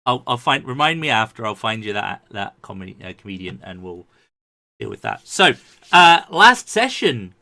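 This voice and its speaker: A man's voice: on the low side, very animated, moderate pace, creaky, sharp tone. A man running a live tabletop game stream, chatting casually and rambling with laughs before the game starts. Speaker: game master.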